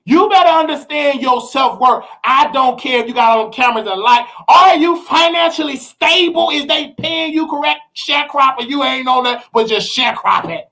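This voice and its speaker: A man's voice: very high voice, normal speed, few pauses, bright, forceful tone. Preachy Southern American man ranting. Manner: preachy, mocking, acts out quotes in other voices. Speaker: host. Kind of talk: animated commentary rant.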